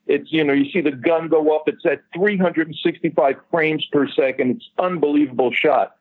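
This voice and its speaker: A special effects man tells a story in a loose, casual way, slips into the voices of people he quotes, and swears now and then. His voice sits a bit high. The sound is dry and muffled. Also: normal speed, breathy edge, no echo.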